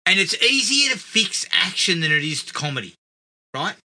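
Aussie bloke co-hosting a movie podcast, higher voice, laughs a lot. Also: male voice, moderate pace. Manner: sweary, laughs often, animated. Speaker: film podcast co-host. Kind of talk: casual film review chat.

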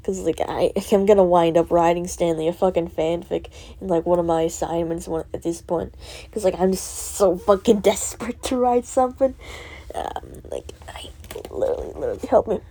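A teenage girl venting in a rambling, laugh-filled way, with many fillers and curse words, dropping to a soft whisper at times. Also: lowish voice, moderate pace. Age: teens. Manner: rambling, full of fillers and swearing, laughing often. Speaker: student vlogger. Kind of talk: rambling personal vent.

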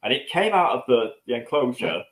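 A man co-hosting a podcast, an animated storyteller who pokes fun at himself in casual chat. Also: brisk, low-quality recording. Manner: animated storyteller, self-mocking, jumps up in pitch on punchlines. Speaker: podcast co-host.

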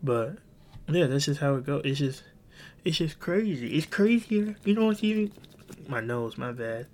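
A man's voice: fairly high pitch, animated, moderate pace, darkish tone. A man hosting a podcast, telling a story in rambling casual chat with many restarts and some swearing. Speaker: podcast host.

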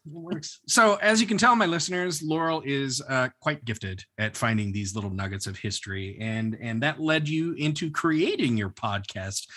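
A man hosting a podcast, chatting casually and playfully with a guest and joking often. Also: medium pitch. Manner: playful, expressive, quick to joke. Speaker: podcast host. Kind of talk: casual interview chat.

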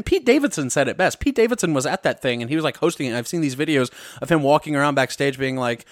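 A young man from Missouri, USA, hosts a podcast in a casual comedic rant, his voice on the high side, very animated and fast with few pauses. Recorded on a podcast mic with clean studio sound and no room sound, he's profane and rambling, constantly interrupting himself with jokes.

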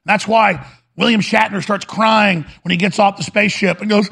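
A man's voice: high-pitched, normal speed, fairly bright tone. A man hosting a talk show, delivering an urgent, fiery monologue full of repetition. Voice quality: gravelly. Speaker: radio talk host. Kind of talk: impassioned monologue.

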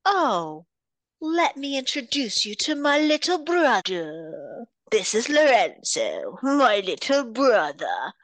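Jealous male stalker villain, played by a woman recapping: mocking, drawn-out, higher than her own voice, dry sound. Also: very animated, no echo, exaggerated voice. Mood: menacing.

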